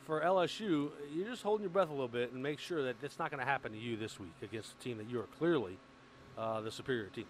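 A man hosting a sports radio show, leading the talk in a lively, joking way. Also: medium pitch, quick pace, a little hiss or hum. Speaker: radio host.

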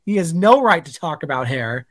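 A man co-hosting a sports podcast, chatting in a joking, animated, opinionated way. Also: on the high side, moderate pace. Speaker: podcast co-host. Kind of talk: casual sports podcast chat.

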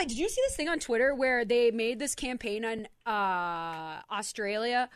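Brief: female radio co-host, slightly high voice, jokey and quick, dry studio sound. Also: clear, resonant tone, no echo. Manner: playful, jokey, quick banter. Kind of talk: casual on-air chat.

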